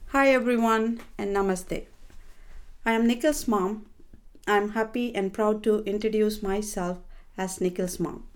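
Older woman, unhurried, earnest, careful, prepared reflection, small grammar slips. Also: medium pitch, fairly even intonation. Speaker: guest.

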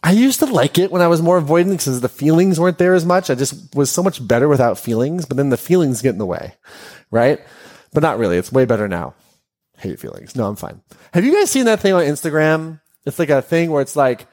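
A man hosting a podcast, speaking in an animated way to a live audience and putting questions to them. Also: medium pitch, fast. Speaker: podcast host.

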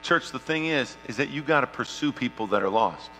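A male pastor preaching with a bright, forceful voice. His storytelling swings from loud bursts to hushed, slow passages. The sound carries a long reverb, with a faint mains hum underneath. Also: mid-range voice, expressive. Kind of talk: sermon with personal story.

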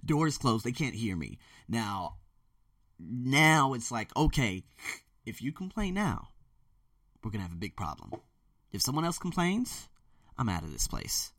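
A man's voice: medium pitch, big pitch swings, unhurried, creaky, pauses often, a bit bright, no room sound, far from the mic. Blunt, profane young man ranting. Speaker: podcast host. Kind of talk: casual ranting monologue. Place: bedroom with door closed. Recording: dry room, voice a bit off-mic.

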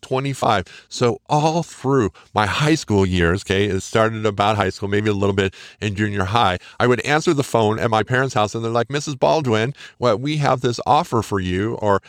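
A middle-aged man hosting his own podcast, talking to listeners in an earnest and encouraging tone. His voice sits on the low side. The recording is close and dry. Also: dry recording. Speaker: podcast host. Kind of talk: casual solo podcast monologue.

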